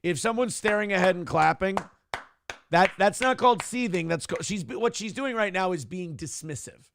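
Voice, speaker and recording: A man's voice: high-pitched, expressive, moderate pace, vocal fry, fairly bright tone, no echo. A man hosting a morning show, giving blunt, profane, ranting commentary on the news and reading out chat comments.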